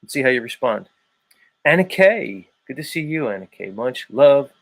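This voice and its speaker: A man with a South Philadelphia accent hosting a live stream, chatting casually with viewers in a playful way, swinging his pitch and volume and drawing out words. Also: big pitch swings, normal speed, creaky, no echo. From United States. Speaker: live show host.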